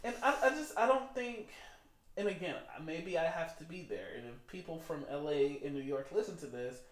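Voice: medium pitch, moderate pace, echoey room. A podcast co-host from Michigan, chatting casually and swearing freely while giving strong opinions. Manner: profane, opinionated, animated. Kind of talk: casual chat.

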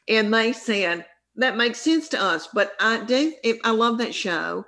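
A woman's voice: fairly high pitch, expressive, unhurried, bright, forceful tone. A middle-aged woman with a thick Southern accent tells stories in a casual interview. She rambles in a folksy way and often cuts herself off to start again. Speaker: comedian guest.

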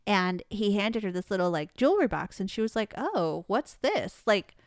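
A woman's voice: mid-range voice, a little fast, clear, resonant tone, dry recording, clean studio sound. A woman co-hosting a podcast, chatting casually, asking curious questions and laughing often. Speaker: podcast co-host. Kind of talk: casual chat.

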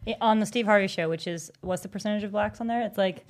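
A woman co-hosting a casual chat, giggly and quick to chime in. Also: medium pitch.

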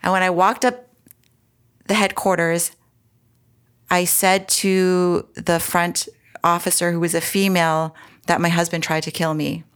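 Candid woman guest, slightly low voice, talks in restarts and asides. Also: level tone, measured pace, pauses often, fairly bright tone, smooth. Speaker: interview guest. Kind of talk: personal storytelling in conversation.

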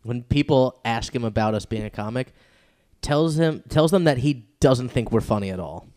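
A man's voice: mid-range voice, moderate pace, mellow. A man co-hosting a podcast, a stand-up comic reading quiz questions playfully and casually.

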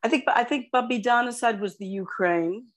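A woman's voice: fairly high pitch, normal speed. A woman co-hosting a casual family podcast with her son, rambling and wandering off topic. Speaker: co-host, mother.

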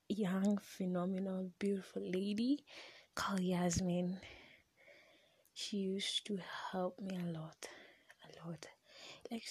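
Young kenyan woman, very breathy, slow hushed confessional storytelling. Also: mid-range voice, no echo. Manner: mostly whispered, mixing English and Swahili slang.

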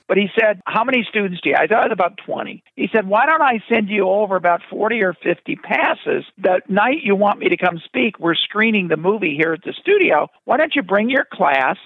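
Older man, storytelling, acts out voices, gravelly, tinny phone-like sound. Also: sits high, no echo. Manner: animated, acts out voices in his anecdotes. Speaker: film director telling his story. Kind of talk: storytelling interview.

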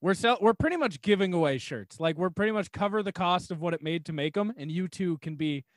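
A man with a notably high voice talks loosely on a podcast, laughing in the middle of his sentences as he rambles on. The sound is dry and close, with no room around it. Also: animated, fast, no room sound. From New Hampshire. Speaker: podcast guest. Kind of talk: casual podcast chat.

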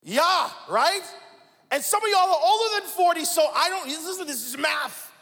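A man in his forties preaching a sermon, swinging from hushed lines to shouts and calling out to the congregation. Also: very high voice, lively intonation, normal speed, long reverb tail. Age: 40s. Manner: dramatic swings from hushed to shouting, call-and-response with the crowd. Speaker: pastor.

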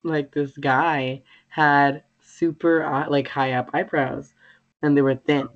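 Low-voiced young woman, blunt and teasing. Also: level tone, takes it slowly. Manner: blunt, teasing, swears a lot. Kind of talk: casual chat. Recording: dull, lo-fi sound.

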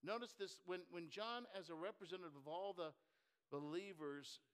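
Male preacher, fairly high smooth voice, emphatic sermon delivery with repeated phrases. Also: moderate pace, fairly bright tone. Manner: emphatic, repeats phrases, asks the congregation questions.

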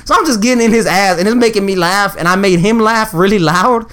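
A man's voice: high-pitched, fast talker, a bit bright. A young man telling a funny story in casual chat, laughing often and acting out what other people said.

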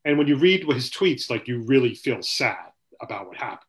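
A man's voice: mid-range voice, expressive, fairly quick. A man hosting a casual sports podcast, rambling and swearing, with a lot of "you know" filler. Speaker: podcast host.

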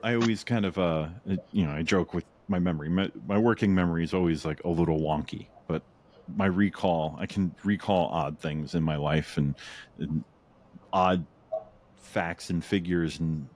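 A man with a fairly low voice hosts a podcast in relaxed conversation. He is chatty and laughs often. He slips into quick spoken asides that act out his own thoughts. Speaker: podcast host. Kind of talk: casual interview chat.

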